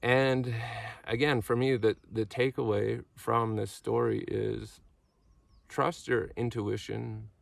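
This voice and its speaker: Man, 30s, unhurried mindfulness teacher, very gravelly and halting. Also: medium pitch, little pitch movement, no echo, far from the mic. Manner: halting, musing, self-deprecating. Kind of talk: reflective talk with parables.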